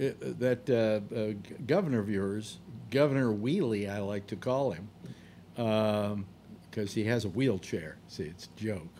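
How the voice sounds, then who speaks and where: A man's voice: on the low side, unhurried, mellow, a little hiss or hum. A man hosting a casual panel chat, blunt and joking, often restarting his sentences. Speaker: host.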